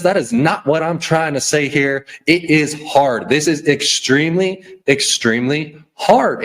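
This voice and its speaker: A man hosting a podcast, giving a blunt, preachy motivational rant full of repeats and "okay?". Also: a little high. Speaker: podcast host.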